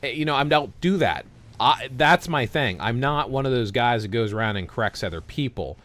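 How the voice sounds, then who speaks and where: A man's voice: medium pitch, animated, moderate pace, fairly bright tone. A young man hosting a gaming livestream, chatting casually with viewers in a rambling way that keeps circling back on itself. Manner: rambling, self-interrupting storyteller.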